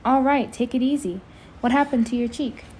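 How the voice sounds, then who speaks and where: A woman's voice: high-pitched, steady tone, normal speed, darkish tone, husky. A woman voicing a concerned, coaxing male teacher in a storybook reading.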